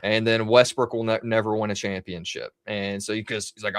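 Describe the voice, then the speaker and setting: A man's voice: fairly low pitch, level tone, brisk, few pauses, clean tone. A man co-hosting a podcast, chatting about sports radio in an easygoing, joking way. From Oklahoma, USA. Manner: joking, easygoing, often laughing. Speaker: podcast co-host. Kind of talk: casual sports chat.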